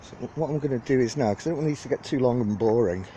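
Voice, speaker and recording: A young man from Widnes, England, with a Liverpool-area accent, films a casual walking tour of a city park on his handheld phone camera, chatty, rambling, and joking in a lively way. His mid-range voice moves fast, and the outdoor phone audio is poor, with clear wind and park noise.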